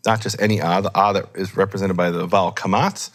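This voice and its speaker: A man explaining grammar in a relaxed teaching discussion, thinking aloud and correcting himself as he goes. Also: low-pitched, fast. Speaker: Hebrew scholar teaching.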